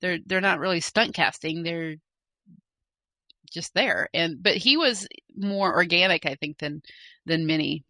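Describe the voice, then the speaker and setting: Woman podcast co-host, casual and giggly, bright lower voice, dry close mic. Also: measured pace, no room sound. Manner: chatty, giggly, hesitant with fillers. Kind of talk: casual chat, reading listener mail.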